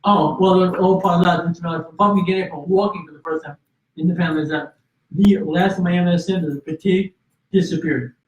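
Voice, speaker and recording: A man's voice: high voice, fairly even intonation, quick pace, slight background noise. A man telling a personal story in an interview, earnest, with restarts and fillers. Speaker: guest. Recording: roomy, distant and slightly dull.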